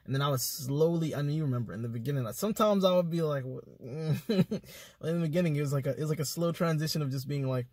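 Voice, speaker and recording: A man speaking as a podcast guest, telling stories in an animated, slangy way with swearing. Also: fairly high pitch, quick pace, no room sound. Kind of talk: casual conversation.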